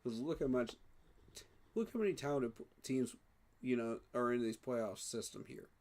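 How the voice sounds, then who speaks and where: A man talking excitedly in a casual fan reaction vlog, emotional and repeating himself. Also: medium pitch, normal speed. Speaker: sports fan vlogger.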